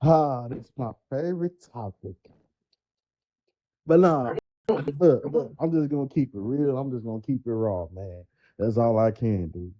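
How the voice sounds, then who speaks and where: Middle-aged male co-host, husky and preachy, muffled recording. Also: medium pitch, a little slow. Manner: preachy, emphatic, keeps it real. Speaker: podcast co-host. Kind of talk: casual podcast talk. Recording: dull, muffled sound.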